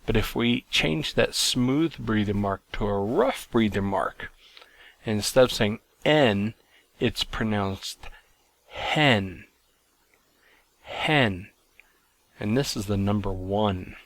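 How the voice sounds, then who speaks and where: Man in the role of a teacher, lowish voice, steady explaining pace, dry close-miked sound. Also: no echo. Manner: plain, measured explaining with fillers and restarts. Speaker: Greek teacher. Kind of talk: recorded lesson.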